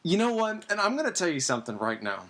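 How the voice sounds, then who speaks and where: A man hosting a casual podcast, rambling and excitable, acting out the scenes he retells. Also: fast talker. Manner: excitable, acts out scenes with sudden jumps in pitch; rambling, many fillers. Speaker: podcast host. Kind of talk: casual TV recap chat.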